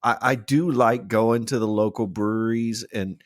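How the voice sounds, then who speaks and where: A man's voice: lowish voice, steady tone, moderate pace, dry recording, studio quality. A man co-hosting a podcast in casual chat, laid-back and rambling, swearing now and then. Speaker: podcast co-host.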